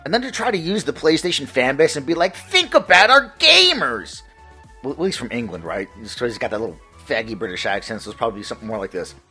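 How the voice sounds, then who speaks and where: A man's voice: medium pitch, expressive, rapid-fire, hardly any pauses, a bit bright, faint music behind. A man hosting a gaming vlog, ranting in a profane, heated and mocking way. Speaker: gaming channel host.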